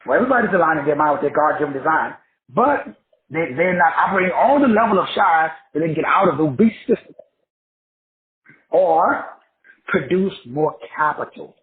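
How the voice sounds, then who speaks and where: A man's voice: a little high, animated, a little fast, a little hiss or hum. Emphatic man teaching over a tinny echoey line. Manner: spells words out letter by letter, asks and answers his own questions; emphatic, rhythmic repetition. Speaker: self-help teacher. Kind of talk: preachy teaching talk. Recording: tinny phone-like sound in an echoey room.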